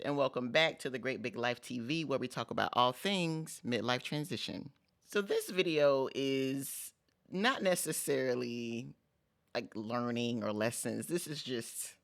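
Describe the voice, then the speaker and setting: Creaky-voiced middle-aged male pep-talk host. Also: medium pitch, a bit bright. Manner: conversational, emphatic, repeats phrases for emphasis, casual slang. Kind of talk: motivational pep talk vlog.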